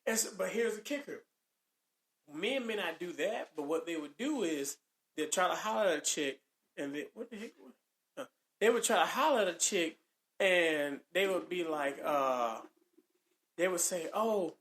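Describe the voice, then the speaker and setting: A man co-hosting a casual podcast chat, animated and quick to act out what others say. His voice bounces around an echoey room. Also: sits high. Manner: animated, acts out quoted lines, laughs often. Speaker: podcast co-host.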